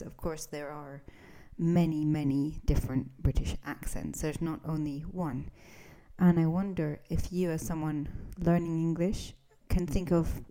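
A woman's voice: sits low, mellow, poor audio. A Scottish woman hosting a podcast lesson for English learners, explaining in a conversational way with frequent ums. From Scotland. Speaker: English teacher, podcast host.

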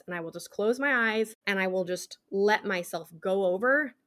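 A young adult woman hosting a solo podcast, talking in a calm, reflective and open way about her own habits. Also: medium pitch, moderate pace. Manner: calm, reflective, self-disclosing. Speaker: podcast host.

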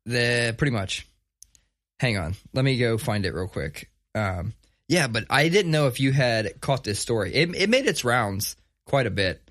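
A man co-hosting a casual podcast, talking in a relaxed, conversational way and telling stories. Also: medium pitch, a little slow. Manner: conversational, reads sponsor plug casually. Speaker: podcast co-host. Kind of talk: casual chat.

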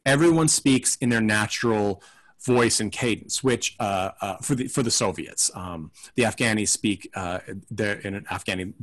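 A man's voice: on the low side, normal speed, fairly bright tone. A man co-hosting a casual film podcast, talking in a thoughtful, rambling, hedging way. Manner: acts out mock quotes in silly voices.

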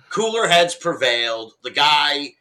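A middle-aged man telling a story in casual conversation, animated and laughing often, with casual swearing. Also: fairly high pitch, takes it slowly, a crowd in the background, poor audio. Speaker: podcast guest.

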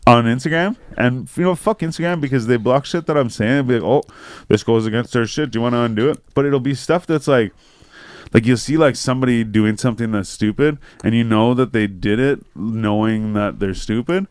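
Casual podcast co-host, man, smooth clear voice, dry close sound, rambling and profane. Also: mid-range voice, fairly quick, dry recording. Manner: rambling, profane, acts out quotes. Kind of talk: casual chat.

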